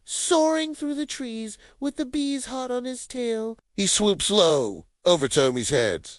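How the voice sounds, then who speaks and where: A woman narrating a cartoon story in an expressive storybook manner. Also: a little high, takes it slowly, no room sound. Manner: expressive, animated.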